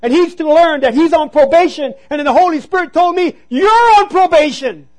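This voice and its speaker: High-voiced man preaching a sermon. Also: fast, a little mellow, rough recording. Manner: storytelling, call-and-response "Amen?". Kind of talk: sermon with personal story.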